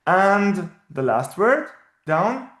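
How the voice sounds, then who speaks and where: A man's voice: sits high, sing-song, a bit bright. Patient male teacher, echoey room. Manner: patient, explanatory, repeats words slowly. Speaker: Arabic teacher. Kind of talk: one-on-one language lesson.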